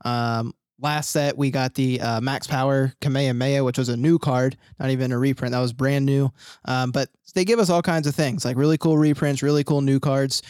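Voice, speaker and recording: A man's voice: mid-range voice, a little fast, clean tone, dry recording, studio quality. A young man, hosting a casual chat and telling stories with lots of laughter. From Philadelphia area, USA. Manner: animated storyteller, laughs often, lots of fillers. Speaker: podcast host.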